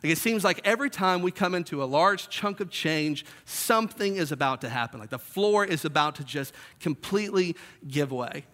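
A man's voice: on the high side, expressive, normal speed, hardly any pauses, fairly bright tone. A man in his thirties preaching a sermon in a conversational way, acting out the voices he quotes. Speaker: pastor.

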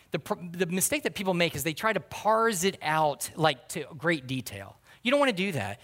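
A man with a fairly high voice delivers a sermon as a pastor. He tells folksy stories and keeps calling out to his congregation. His voice carries a long reverb from a large church hall. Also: fairly bright tone. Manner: folksy storytelling, calls to the congregation.

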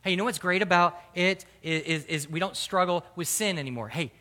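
Male pastor, middle-aged, bright ringing tone, earnest sermon delivery with repeated phrases. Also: high-pitched, fairly quick. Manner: conversational storytelling with fillers.

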